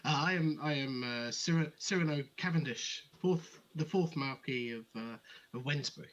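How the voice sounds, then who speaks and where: A man's voice: fairly high pitch, moderate pace, fairly bright tone, muffled recording, close to an everyday voice. An actor playing a fussy, polite nobleman who stammers and restarts his sentences. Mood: genteel. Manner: stammering, restarts, genteel phrasing.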